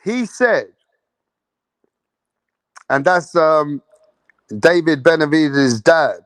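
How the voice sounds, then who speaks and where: A man's voice: on the high side, expressive, slow pace, fairly bright tone, no room sound. Brash, foul-mouthed man ranting about boxing. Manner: brash, profane and taunting; repeats phrases, peppered with "bro". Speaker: boxing livestream host. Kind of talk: casual live commentary to a chat.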